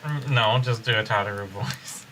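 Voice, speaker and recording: A man chats through a game stream in a bright, sharp voice, teasing his co-player in a dry way. A faint hiss runs under his voice. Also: on the low side, normal speed. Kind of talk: casual gameplay chat.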